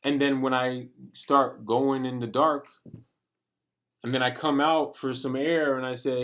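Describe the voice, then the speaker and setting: Brief: man at a mid-range pitch delivering a heated, cuss-heavy pep talk to camera. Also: flat delivery, unhurried, fairly bright tone. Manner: passionate, profane, street slang. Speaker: vlogger. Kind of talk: casual motivational rant to camera.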